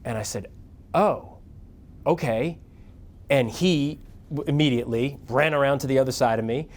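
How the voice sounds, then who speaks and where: A middle-aged man, a news anchor, telling career stories to an audience in a casual, animated way and acting out the voices he quotes. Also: mid-range voice, fast talker. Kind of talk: casual storytelling talk to an audience.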